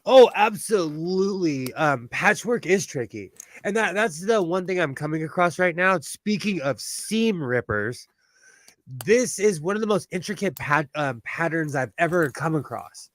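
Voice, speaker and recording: A man's voice: a little high, animated, measured pace. A man from California with a Californian accent and a youthful-sounding voice, chatting casually on his sewing livestream, laughing often and restarting his sentences.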